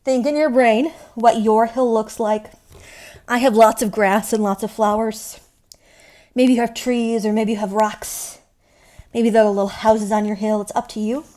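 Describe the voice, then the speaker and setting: A woman from Michigan teaching yoga to young children, playful and animated as she talks to small kids. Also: fairly high pitch, moderate pace.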